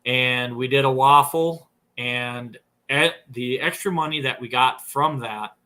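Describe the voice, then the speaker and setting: A man's voice: medium pitch, unhurried, sharp tone. A man with an Upper Midwest American accent, a snowmobile tuner telling long, rambling stories as a podcast guest, full of fillers and restarts. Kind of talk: casual storytelling interview.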